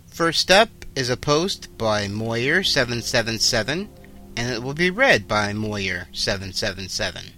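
A man opens a podcast episode with an upbeat, presenting tone. His pitch moves lively up and down, and music plays clearly behind him. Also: a little slow. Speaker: podcast host. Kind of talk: podcast intro.

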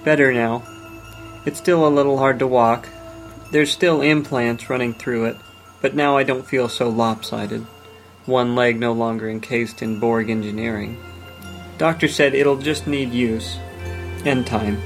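A man's voice: mid-range voice, fairly even intonation, measured pace, faint music behind, lightly acted, poor audio. A man voicing a weary young woman recovering from an injury, speaking in a subdued way. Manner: subdued, quiet.

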